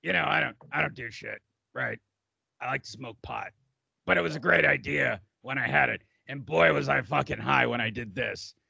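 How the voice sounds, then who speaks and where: A man's voice: medium pitch, moderate pace, vocal fry, pushed and bright, slightly rough, no echo, dull audio, pitched below the performer's own voice, exaggerated voice. A man doing a comic impression of a crude old male boxing promoter with a put-on New York accent, rambling and self-mocking. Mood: mock-formal. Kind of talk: comic impression on a sports radio show.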